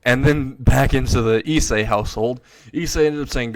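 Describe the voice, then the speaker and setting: A man's voice: mid-range voice, moderate pace, no echo. A young man casually narrating an improvised fan story, rambling and crude, laughing at his own jokes.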